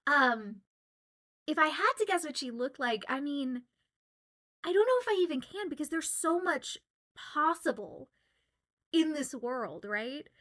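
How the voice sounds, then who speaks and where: A woman from Southwest Louisiana chatting casually on a livestream while signing autographs, giggling often and filling pauses with "um" and "uh.". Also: high voice, big pitch swings, sharp tone. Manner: chatty and giggly, with many fillers. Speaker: voice actor signing autographs on stream.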